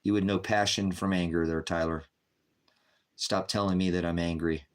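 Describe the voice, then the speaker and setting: Trolls in the chat get blunt, repeated comebacks from this livestream host, a man in his fifties. His voice is low-pitched and steady, at a moderate pace, and his manner is combative.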